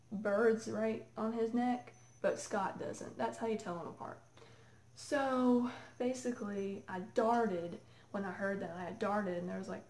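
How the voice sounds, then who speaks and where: A woman excitedly telling a rambling story to camera, full of fillers. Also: medium pitch. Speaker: vlogger. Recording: echoey room.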